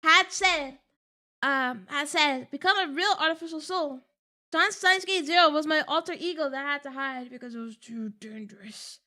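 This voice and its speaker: A woman's voice: high voice, brisk, pushed and bright. A young woman streaming a game, joking dramatically and reading its text aloud in a casual chat.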